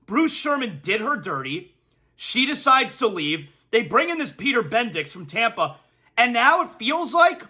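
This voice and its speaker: Lively, bright-voiced ranting sports talk host. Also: male voice, extremely high pitch, unhurried, breathy edge. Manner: ranting, emphatic, repeats punchlines. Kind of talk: opinionated sports talk monologue.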